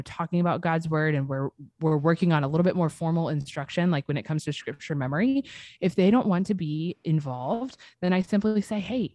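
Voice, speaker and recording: A woman's voice: low voice, mellow, dry recording. A woman in her thirties, a guest author, talking in an earnest, encouraging way with many fillers. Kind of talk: casual interview chat.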